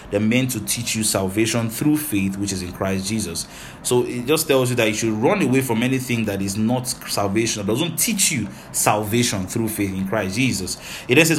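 Man preaching verse by verse, rapid and lively, faint noise behind. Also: mid-range voice. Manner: rapid, animated, with frequent "right?" and "hallelujah". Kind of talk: Bible teaching sermon.

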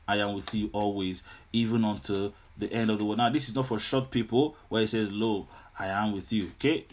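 A man preaching a sermon, repeating himself often and breaking in with hallelujahs and amens. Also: lowish voice. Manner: repetitive, exclamatory with frequent hallelujahs and amens. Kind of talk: sermon teaching.

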